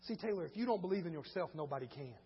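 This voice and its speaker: A male pastor preaching a sermon, moving between quiet storytelling and shouted preaching in casual speech. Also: a little high, animated, very fast, husky, in a large hall, lo-fi sound. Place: church.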